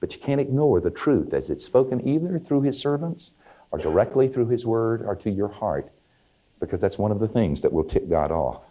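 Male preacher, emphatic sermon delivery, dark mellow voice, muffled old recording. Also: lowish voice, very animated, moderate pace, a little hiss or hum. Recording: dull archival sermon tape.

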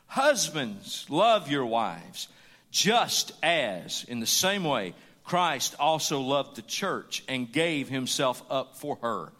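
A man's voice: mid-range voice, very animated, slow pace, bright, forceful tone. A man preaching a sermon with emphasis, repeating his key lines for weight. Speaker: pastor. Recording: hall reverb.

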